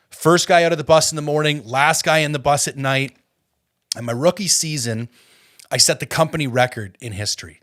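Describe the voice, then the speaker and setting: Animated man telling a story on a podcast. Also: mid-range voice. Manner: animated, gets fired up, many "like" fillers. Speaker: podcast host. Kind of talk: casual conversational storytelling.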